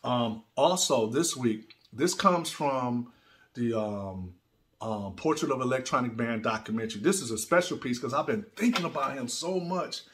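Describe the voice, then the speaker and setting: A man's voice: medium pitch, animated, normal speed, fairly bright tone, a little hiss or hum. A man hosting his own video channel, talking casually from his studio in a heartfelt, rambling way and repeating words as he goes. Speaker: channel host. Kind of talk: casual vlog talk.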